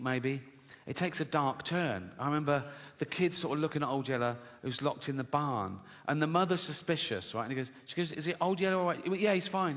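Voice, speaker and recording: A man's voice: medium pitch, a bit bright. Man doing stand-up in a hall. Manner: laughs at his own jokes, acts out voices. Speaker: stand-up comedian. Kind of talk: stand-up comedy set. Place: large live venue before an audience. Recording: live hall reverb, faint crowd noise.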